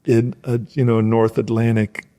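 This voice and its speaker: A man's voice: mid-range voice, unhurried. A middle-aged man from rural Wisconsin, a former football player, telling stories in a casual podcast interview and acting out his old coaches. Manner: animated storyteller, acts out coaches' shouts in a raised voice.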